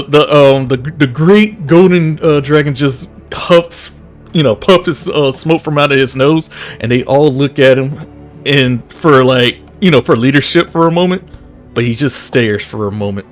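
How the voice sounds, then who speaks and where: Rambling young game master. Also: male voice, on the high side. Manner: rambling, many fillers and restarts. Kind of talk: casual tabletop game narration.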